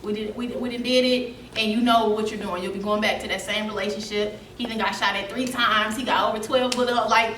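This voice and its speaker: At a seminar, a young woman tells a motivational story with feeling, laughing as she goes, in a high, bright, lively voice at a quick pace with few pauses. She sounds distant, in an echoey room with faint background noise.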